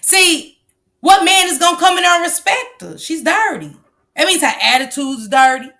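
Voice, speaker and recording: A woman's voice: very high-pitched, expressive, moderate pace, creaky, bright, forceful tone. A middle-aged woman hosting a livestream, lecturing bluntly and profanely about parenting in a casual, preachy way. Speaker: livestream host.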